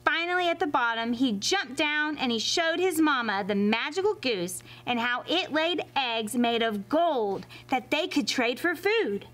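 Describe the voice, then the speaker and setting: A woman reading a fairy tale aloud to children as a library storyteller, expressive and animated. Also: high-pitched, measured pace, hardly any pauses. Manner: expressive and animated, addressing kids.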